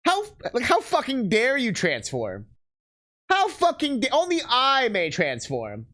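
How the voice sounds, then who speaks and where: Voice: medium pitch, wildly swooping pitch, a little slow, sharp tone, pitched above the performer's own voice, full character voice. A streamer putting on a mocking parody voice for a haughty, easily offended robot villain boss.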